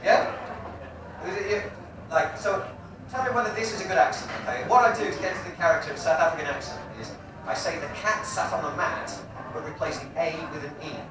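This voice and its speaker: This forties-aged comedian works through a stand-up set with brash, crude punchlines, speaking a little high and a little fast. Audience noise fills the echoey live room, recorded from a distance.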